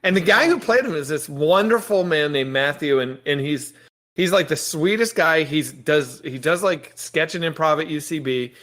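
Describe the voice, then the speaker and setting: A man guesting on a podcast, his voice somewhat high-pitched and bright. He chats casually and eagerly, tripping over repeated words when he gets excited. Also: normal speed. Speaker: guest filmmaker. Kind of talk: casual interview chat.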